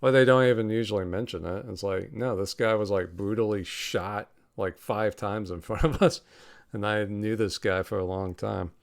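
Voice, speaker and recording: A man's voice: lowish voice, steady tone, normal speed, creaky. A young man casually reviewing a film in a rambling, offhand way, swearing freely and chuckling now and then. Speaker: podcast host reviewing a film.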